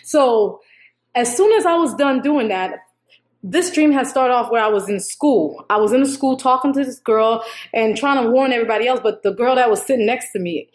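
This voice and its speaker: Young woman, high voice, rambling on about a dream, lots of restarts and acting out what people said. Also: normal speed. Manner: rambling, animated storytelling with many restarts and quoted dialogue. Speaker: YouTuber sharing a prophetic dream. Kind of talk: casual spoken dream account.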